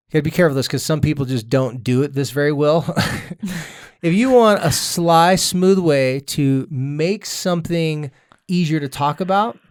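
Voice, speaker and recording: A man in his thirties, a therapist co-hosting a podcast, talking in a lively, jokey way and acting out quoted voices. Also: fairly high pitch, clear, resonant tone, no echo, clean studio sound. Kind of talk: casual podcast chat.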